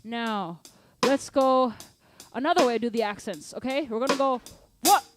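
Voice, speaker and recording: An energetic woman teaches a drum lesson, counting beats aloud and calling out to her students. Her voice sits a little high for a woman, and a drum kit rings out clearly behind her. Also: moderate pace, loud music behind the voice. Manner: energetic, calls out counts and asks for engagement. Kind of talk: live online drum lesson.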